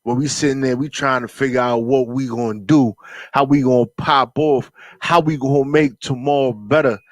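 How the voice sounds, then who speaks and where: Laid-back New radio host. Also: male voice, medium pitch, fairly even intonation, normal speed, dry recording. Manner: laid-back, preachy street slang. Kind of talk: casual radio talk.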